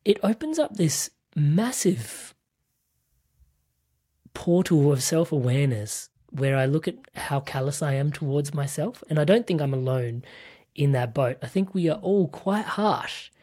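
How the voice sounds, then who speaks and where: Animated, laughing male interview host. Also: a little high, measured pace, slightly rough. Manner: animated, laughs often, acts out quoted voices; rambling with many fillers and restarts. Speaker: podcast host and purpose coach. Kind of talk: casual conversational interview.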